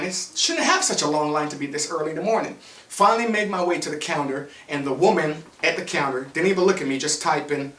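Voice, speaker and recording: A bright-voiced man tells a motivational story, animated and playful, acting out each part of the dialogue. He sounds a little far from the mic, in an echoey room. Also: on the high side. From Jamaica. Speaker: motivational speaker.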